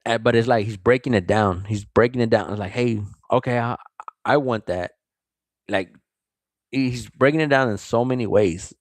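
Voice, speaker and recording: A man reading Bible verses slowly and then commenting on them in a loose, casual way, full of likes and restarts. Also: medium pitch, dry recording. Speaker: Bible study vlogger.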